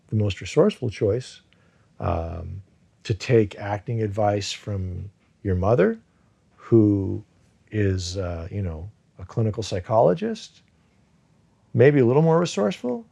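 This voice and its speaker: Brief: actor as interview guest, husky low voice, rambling and casual. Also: male voice, animated, unhurried, mellow. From United States. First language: Farsi. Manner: rambling, many restarts and fillers.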